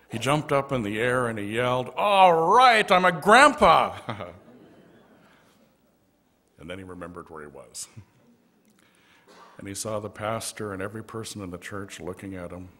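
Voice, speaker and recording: A man preaching a storytelling sermon as pastor in a church, gently narrating with quiet asides. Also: mid-range voice. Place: church sanctuary.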